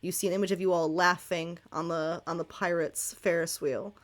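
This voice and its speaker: A woman narrating a tabletop game as game master, lively and laughing often. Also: lowish voice, normal speed.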